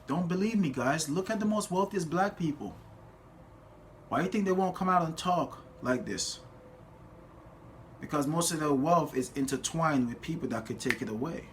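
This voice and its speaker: A man giving an impassioned motivational speech in a preachy way, building to loud, emphatic peaks and stretching words out for emphasis. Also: fairly high pitch, animated, slight background noise. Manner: slows to drawn-out words for emphasis. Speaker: motivational speaker.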